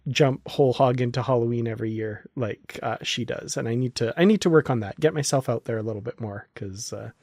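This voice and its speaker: A man's voice: medium pitch, a little fast, few pauses, a little mellow, no echo, clean studio sound. Laughing male podcast host. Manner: laughs often, many fillers and restarts. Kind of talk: casual podcast chat.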